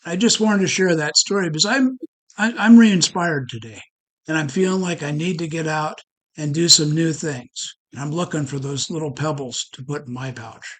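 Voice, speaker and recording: Brief: male presenter at a networking meeting, motivational storytelling, lively. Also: on the high side, moderate pace, rough recording. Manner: animated, rhetorical questions.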